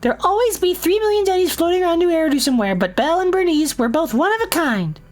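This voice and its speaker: Bubbly, high-pitched young heroine. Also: female voice, animated, quick pace, faint music behind. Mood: worried. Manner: playful, high-energy, dramatic. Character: bubbly, generous young woman, cheerful and excitable.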